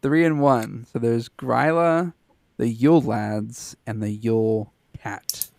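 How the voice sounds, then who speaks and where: A man's voice: mid-range voice, fairly even intonation, slow, vocal fry, darkish tone, dry recording. A man co-hosting a podcast, chatting casually, loose and joking, with some swearing. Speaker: podcast co-host. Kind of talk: casual chat.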